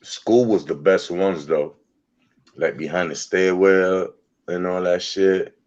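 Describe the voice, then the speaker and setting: A man with a very deep voice reminisces in casual chat, talking very slowly and laughing often. His pitch swings widely, and the recording sounds dull and lo-fi. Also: steady tone, a little mellow. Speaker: podcast co-host.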